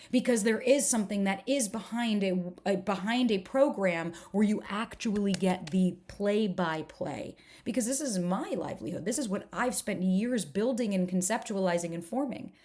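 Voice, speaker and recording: A woman's voice: mid-range voice, a little mellow. A woman coach walks through her dating program in a live workshop, talking straight and unfiltered, with the odd swear word. She keeps the pace going with strings of rhetorical questions aimed at her listeners. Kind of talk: live online workshop presentation.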